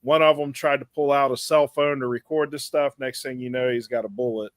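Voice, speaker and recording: A man's voice: mid-range voice, fairly even intonation, fairly quick, dry recording. A man co-hosting a podcast, telling a long, rambling, crude anecdote in casual chat. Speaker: podcast co-host.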